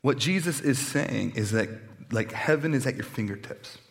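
Earnest pastor preaching in a reverberant church. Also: male voice, mid-range voice, expressive, normal speed, vocal fry. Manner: earnest, conversational with emotional swells. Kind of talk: sermon. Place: church sanctuary.

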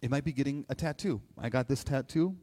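A middle-aged man giving a live motivational talk, conversational and animated, often asking questions and tagging "right?". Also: mid-range voice, a little fast. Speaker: motivational speaker. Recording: long hall reverb.

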